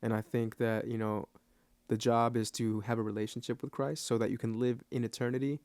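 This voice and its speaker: A man's voice: medium pitch, flat delivery, brisk, a little mellow, no room sound. A man hosting a podcast interview, reflective and earnest as he talks about his faith. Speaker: podcast host. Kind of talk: interview conversation.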